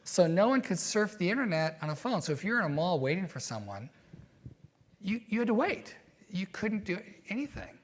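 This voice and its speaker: A man being interviewed, telling stories in a reflective, animated way with many fillers. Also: high-pitched, normal speed. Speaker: guest. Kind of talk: conversational interview storytelling.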